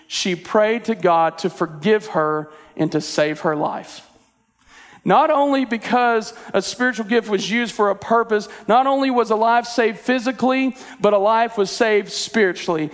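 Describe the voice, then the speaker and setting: Young pastor, high voice, earnest conversational sermon, church hall reverb. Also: male voice, moderate pace. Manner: earnest, conversational with filler words. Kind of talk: sermon storytelling and prayer. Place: church sanctuary.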